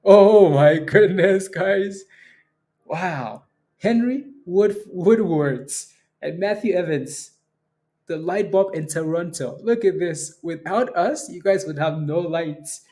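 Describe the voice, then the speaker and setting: A man's voice: on the high side, animated, takes it slowly, mellow. A man hosting a casual stock trading livestream, joking around with his viewers and laughing often.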